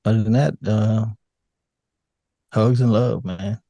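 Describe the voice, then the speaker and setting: An older man with a somewhat low voice tells his stories in a relaxed, meandering way, laughing easily. The sound is dry and close, with no room around it. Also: slow pace, vocal fry, no echo. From United States. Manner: relaxed, rambling, laughs often. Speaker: guest. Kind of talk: casual chat.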